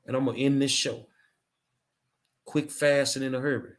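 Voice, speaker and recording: A man's voice: medium pitch, flat delivery, normal speed. A middle-aged man hosting his own show, delivering an angry, emphatic monologue with hard repetition. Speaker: show host. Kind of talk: impassioned monologue.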